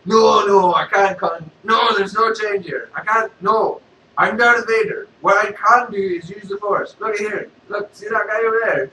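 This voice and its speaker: A man voicing Darth Vader as a loud, bragging, clumsy half-robot villain. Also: high-pitched, normal speed, roomy sound, far from the mic, a little hiss or hum, pitched above the performer's own voice, rough recording. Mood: boastful.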